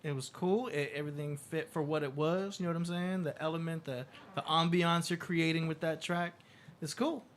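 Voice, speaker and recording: A man co-hosting a live stream, giving relaxed, hesitant feedback on a song. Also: fairly high pitch, normal speed. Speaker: co-host reviewing songs. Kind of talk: casual live-stream chat.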